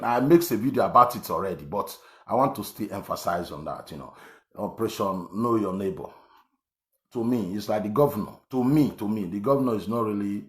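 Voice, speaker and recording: A Nigerian man around fifty, talking politics in an emphatic, repetitive way, with many fillers and restarts. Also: lowish voice. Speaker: online commentator. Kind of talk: political commentary monologue. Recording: echoey room.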